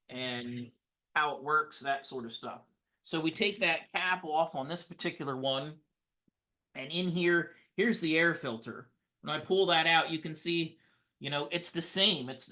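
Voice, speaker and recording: A man teaching firefighters engine repair in a live online training, practical and encouraging, often pausing on fillers while he works with his tools. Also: medium pitch, a bit bright. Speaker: fire service instructor. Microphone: video call.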